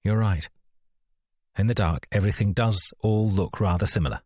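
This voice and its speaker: A man voicing another man who calms everyone with a gentle, placating manner. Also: on the low side, normal speed, slightly rough, dry recording, studio quality. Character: calm, kind grown man soothing others.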